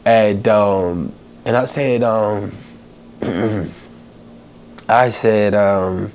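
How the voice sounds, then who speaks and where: A man with a fairly low voice tells a heartfelt personal story on his podcast. He speaks haltingly, filling his pauses with little fillers and pushing through his emotion. A faint hiss sits under the voice. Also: steady tone, a little mellow. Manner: emotional, holding back tears. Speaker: podcast host.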